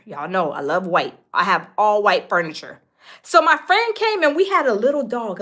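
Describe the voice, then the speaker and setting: A woman's voice: high voice, bright, forceful tone. A woman hosting a celebrity gossip commentary, chatty and talking straight to her viewers with lots of fillers. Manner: chatty, addresses viewers directly with many fillers. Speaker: host.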